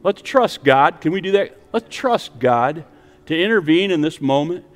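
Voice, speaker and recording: A male pastor preaching a sermon in a church, rising to emphatic peaks and then dropping to a soft, quiet voice to lead prayer. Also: a little high, lively intonation, normal speed, in a large hall. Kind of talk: sermon with altar call. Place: church sanctuary with online stream.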